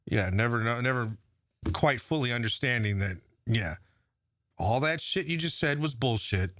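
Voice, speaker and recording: A man's voice: medium pitch, animated, normal speed, a bit bright, no echo, clean studio sound. Profane, heated man ranting about politics. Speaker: political commentary host. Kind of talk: angry political rant.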